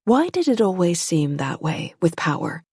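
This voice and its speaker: A woman narrating a novel as an audiobook, with a measured, even delivery. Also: lowish voice, breathy edge, no echo, studio quality. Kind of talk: scripted narration.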